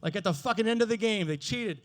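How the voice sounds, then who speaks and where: A high-pitched male comedian working a live stage set. He is animated and profane, and he leaps into exaggerated character voices with sudden jumps in pitch. His voice comes through a handheld stage microphone. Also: fast talker. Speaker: stand-up comedian.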